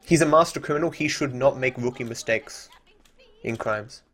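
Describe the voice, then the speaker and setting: A man's voice: mid-range voice, normal speed, a bit bright. A man rambling casually as a streamer, swearing freely and often restarting his sentences. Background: faint chill hop music.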